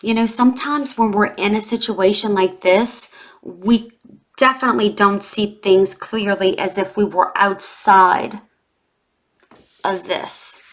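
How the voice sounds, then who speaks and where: A woman's voice: medium pitch, steady tone, measured pace. Woman, forties, tarot reader; candid and emotional, talks straight to her viewers with many fillers. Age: 40s. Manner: heartfelt, confiding, with many fillers. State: emotional, near tears. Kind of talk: emotional tarot reading vlog.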